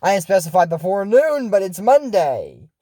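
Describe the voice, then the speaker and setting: A man's voice: sits high, very animated, normal speed, warm tone, dry recording. A man giving a casual, jokey recap of a cartoon episode, rambling through asides and retellings.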